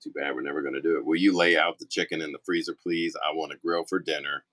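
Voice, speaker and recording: A man who owns a toy store, chatting casually through a live-stream auction, rambling with quick apologetic asides. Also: extremely low pitch, fairly even intonation, a bit bright, no echo. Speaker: toy store owner running online auctions. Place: indoor shop room.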